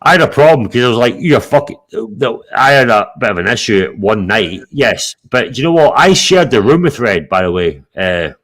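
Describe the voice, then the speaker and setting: A man hosting a casual live stream, blunt and animated, swearing constantly while telling stories. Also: medium pitch, normal speed, hardly any pauses. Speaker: show host.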